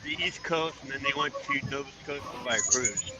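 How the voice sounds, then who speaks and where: A man's voice: medium pitch, fairly quick, heavy background noise. A man calling into a podcast, telling a casual anecdote with laughs. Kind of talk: casual chat.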